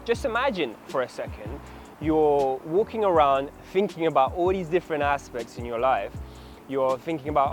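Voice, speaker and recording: Brief: energetic male dating coach, slightly high voice, speaks outdoors in a city with faint music. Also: normal speed. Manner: animated, demonstrates approaches in acted voices. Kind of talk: direct-to-camera coaching talk.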